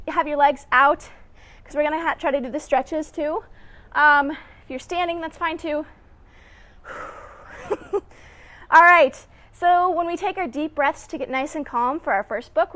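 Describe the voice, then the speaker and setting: Very high-voiced woman leading kids' story time. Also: bright, forceful tone. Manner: playful, encouraging, talks straight to young kids; hums little sound effects and laughs between cues. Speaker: family educator hosting story time. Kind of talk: children's story time and movement exercises.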